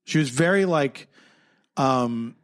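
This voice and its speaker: A man's voice: medium pitch, slow, smooth. A man co-hosting a podcast, telling a story in casual chat and laughing often. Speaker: podcast co-host.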